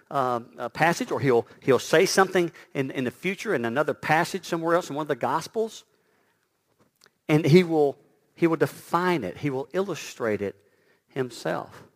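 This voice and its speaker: A male preacher with a fairly high-pitched voice gives a dynamic sermon, hitting emphatic lines hard and then falling to near-whispered quotes. When he gets excited and builds momentum, he stumbles and repeats words.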